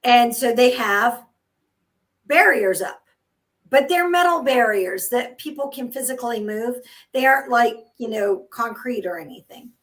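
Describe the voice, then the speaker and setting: A woman in her fifties, co-hosting a casual chat and telling a story in an animated way, laughing often. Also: fairly high pitch, measured pace. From United States. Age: 50s. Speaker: co-host.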